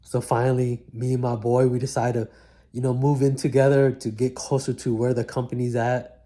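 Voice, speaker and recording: A man's voice: mid-range voice, level tone, normal speed, warm tone. A man telling his own story in one reflective take, in casual slangy talk full of "like" and "man". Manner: casual slangy talk, many likes and mans. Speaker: vlogger recounting his life. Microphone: single mic, one take.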